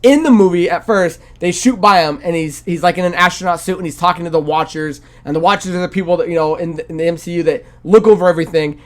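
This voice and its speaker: A man hosting a casual video game podcast, his voice sitting a little high. He rambles loosely, circling back with fillers and restarts. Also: quick pace, hardly any pauses. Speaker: podcast host.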